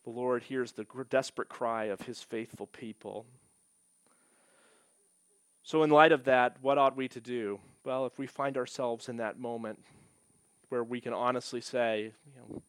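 A man preaching a sermon as pastor. He talks earnestly, slows down to stress key points and rises when he quotes scripture. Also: mid-range voice, a bit bright, no echo.

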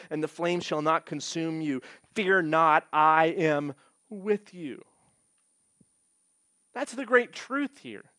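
A man preaching a sermon as pastor. He talks earnestly, slows down to stress key points and rises when he quotes scripture. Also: fairly high pitch, a bit bright, no room sound.

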